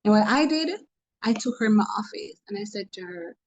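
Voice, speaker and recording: A woman's voice: mid-range voice, brisk, a little mellow, highs cut off, slight background noise. A woman with a Jamaican accent, a motivational speaker in a webinar talk, humorous and preachy, telling stories from work.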